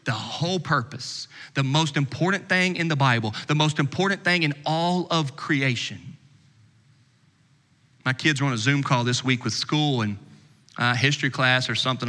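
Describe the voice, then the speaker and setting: A middle-aged man preaching a conversational sermon, swinging from animated to hushed. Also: fairly high pitch. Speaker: pastor. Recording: long reverb of a church hall.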